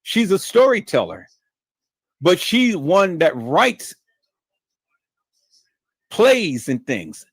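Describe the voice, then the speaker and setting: A man hosting a live stream, talking to his audience and repeating himself, sometimes dropping low and sometimes raising his voice high for emphasis. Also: wildly swooping pitch, extremely slow, long pauses, breathy edge, no room sound, studio quality. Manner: shifts from low muttering to high shouted emphasis; repetitive, addresses audience as "peoples". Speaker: YouTube live stream host. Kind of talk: livestream monologue.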